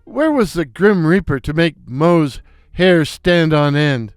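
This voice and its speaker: A man's voice: a little high, animated, slow, clear, resonant tone, no room sound, clean studio sound. Older man narrating with wry asides. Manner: wry, self-mocking asides. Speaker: storyteller. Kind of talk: first-person story narration.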